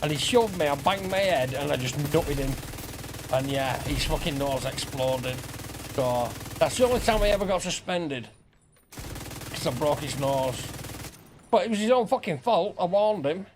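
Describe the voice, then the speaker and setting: A man's voice: fairly high pitch, animated, normal speed, background noise. A middle-aged man, rambling and swearing through school anecdotes while playing a game. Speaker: gaming streamer. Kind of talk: casual storytelling over gameplay.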